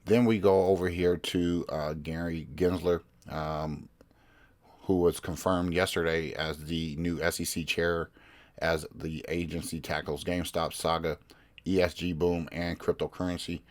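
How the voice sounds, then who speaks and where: A podcast host reads news articles aloud and rambles through his comments, often interrupting himself to search for his place. He has a deep voice with a flat, slightly slow delivery.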